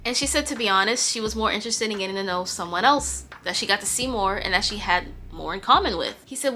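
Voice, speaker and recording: Bright-voiced young woman telling a story. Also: medium pitch, expressive, fast talker, few pauses, a little hiss or hum. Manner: chatty, joking asides, frequent laughs. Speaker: storytime host. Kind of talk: casual storytelling.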